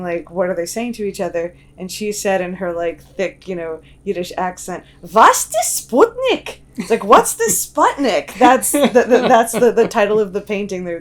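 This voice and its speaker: A young woman talks through an interview in a chatty, rambling way, her voice sitting a little low. She fills her sentences with "like" and restarts them often. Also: normal speed. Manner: chatty, many "like" fillers and restarts. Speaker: guest artist and cartoonist. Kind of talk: casual interview chat.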